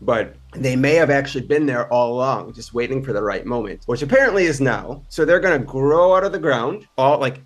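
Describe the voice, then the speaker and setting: A man narrating as game master in an improvised tabletop game, animated and rambling. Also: mid-range voice, brisk, hardly any pauses.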